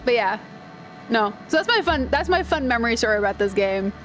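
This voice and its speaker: A woman's voice: a little high, animated, fairly quick, fairly bright tone, slight background noise. A woman giving casual, rambling commentary while playing a video game and telling stories. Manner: chatty, rambling storyteller. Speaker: gaming video creator. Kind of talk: casual let's-play commentary.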